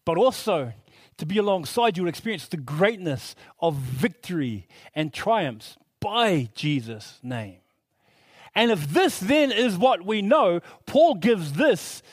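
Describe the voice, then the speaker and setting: A man preaching a sermon in an excited, conversational way, with lots of repeated rhetorical questions. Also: high-pitched, unhurried, no room sound.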